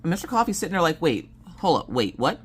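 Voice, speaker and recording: Low-voiced animated woman storyteller. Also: fast, slightly rough. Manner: animated, jokey, acts out family members' lines. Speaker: vlogger telling family stories. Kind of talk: casual storytelling chat.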